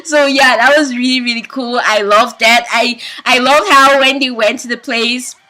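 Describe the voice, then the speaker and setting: A woman giving a casual video review of a TV drama, excitable and gushing, acting out her own reactions in quick asides. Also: on the high side. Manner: gushing, excitable, gasps and laughs often.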